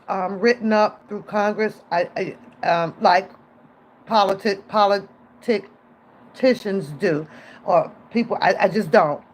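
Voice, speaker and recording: A woman streamer telling a story in casual chat, acting out the people in it and laughing often. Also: mid-range voice. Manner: animated, acts out voices in quotes, laughs often. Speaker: reaction streamer.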